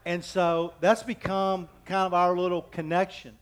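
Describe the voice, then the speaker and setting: A male pastor in his fifties gives a sermon with a slightly raised pitch. He talks in a folksy, joking way, trades one anecdote for the next, and often halts and restarts mid-sentence. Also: flat delivery, smooth. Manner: halting, with frequent restarts.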